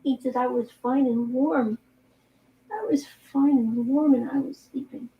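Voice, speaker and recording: This is a sleepy, contented male house cat, voiced by a woman. The murmur is soft and drowsy, like a pet still warm from a nap. The voice sits a little high. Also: fairly even intonation, unhurried, narrow, tinny audio.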